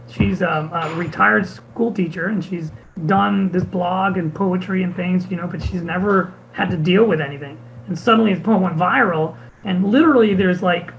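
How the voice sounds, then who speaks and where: A man's voice: high voice, fairly bright tone, dull audio, slight background noise. A man, a bandleader, casually telling a story to an audience, acting out the voices of the people he quotes, with many restarts.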